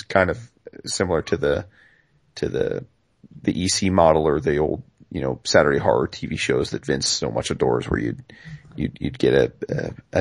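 A man co-hosting a comics podcast, talking casually and a bit roundabout, with fillers. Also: low-pitched. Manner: measured, talks around his point with fillers. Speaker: podcast co-host.

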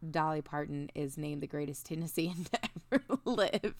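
A young woman with a low, gravelly voice chats through a book's plot as a podcast co-host. She talks casually, filling it with "like" and quoted asides. The sound is dry and close. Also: moderate pace, dry recording. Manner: chatty, recaps plot with quoted asides and frequent "like". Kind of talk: casual book discussion.

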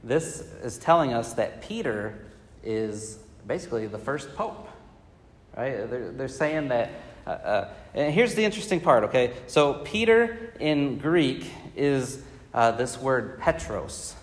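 A man's voice: mid-range voice, very animated, unhurried. Man teaching a Bible class in an echoing hall. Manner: conversational, asks the class questions, many fillers. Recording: reverberant hall.

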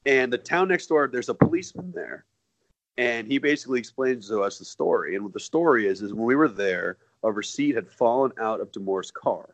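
A man's voice: medium pitch, lively intonation, brisk, no room sound, lo-fi sound. A man co-hosting a podcast, telling a story casually with loose phrasing and frequent restarts. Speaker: podcast co-host.

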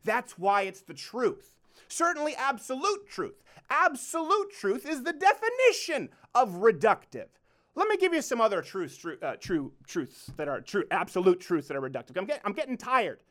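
Male show host, heated monologue, very lively swooping pitch, keeps firing rhetorical questions. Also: normal speed. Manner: emphatic, repeats rhetorical questions. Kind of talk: closing monologue rant.

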